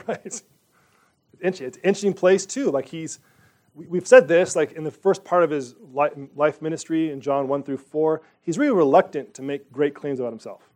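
A man's voice: on the high side, brisk, a little mellow. A man leading a Bible study, reading scripture aloud and talking it through in a conversational way, with asides and questions to the group.

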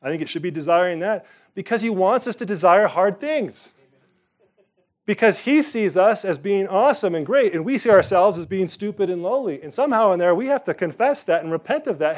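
A man's voice: high voice, fairly quick. Emphatic man preaching a sermon. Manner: animated, emphatic preaching with sudden loud rises. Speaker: pastor.

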